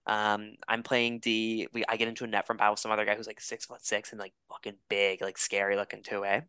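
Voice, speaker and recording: A young man co-hosting a podcast, telling an animated, profanity-laced story in casual chat. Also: lowish voice, fast, clean tone, dry recording, studio quality. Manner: animated storyteller, swears a lot. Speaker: podcast co-host.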